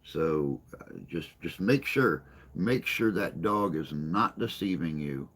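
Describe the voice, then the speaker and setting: A man's voice: low-pitched, lively intonation, slow, fairly bright tone, slightly rough. A man hosting a morning live stream, chatting casually and joking with viewers in a rambling way. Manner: rambling, joking, reads and answers chat.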